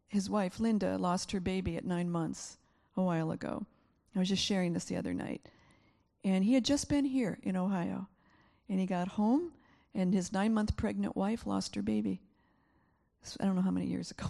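A woman pastor preaching in church with a gravelly, mellow voice. She tells her stories with earnest feeling and often repeats key phrases for emphasis. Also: mid-range voice. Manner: earnest, emotional storytelling with frequent repetitions. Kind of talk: sermon.

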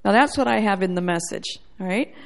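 A woman teaching a sermon in a church setting, animated and playful, acting out quoted voices as she goes. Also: medium pitch, fairly quick, gravelly. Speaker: Bible teacher.

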